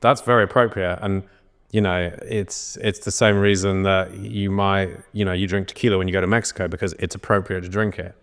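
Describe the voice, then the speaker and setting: Male host, low and smooth voice, easygoing and agreeable, casual chat. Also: a little fast. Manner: relaxed and agreeable, with frequent affirmations. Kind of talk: casual conversation.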